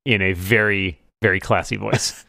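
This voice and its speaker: A man's voice: on the low side, steady tone, normal speed, gravelly, pushed and bright, no room sound, clean studio sound. A man co-hosting a podcast, telling playful anecdotes in casual chat. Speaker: podcast co-host.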